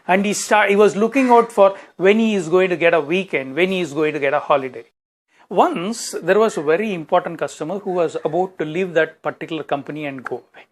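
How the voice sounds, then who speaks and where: A man tells everyday stories to make a motivational point. His voice sits notably high, and he explains things plainly and steadily. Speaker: motivational speaker. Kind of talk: storytelling talk.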